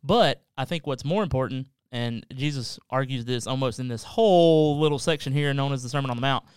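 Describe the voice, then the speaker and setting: A man's voice: medium pitch, brisk, clear, resonant tone, dry recording. A man co-hosting a podcast, explaining Bible verses in a casual, earnest way with everyday examples. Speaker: podcast co-host. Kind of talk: casual Bible study discussion.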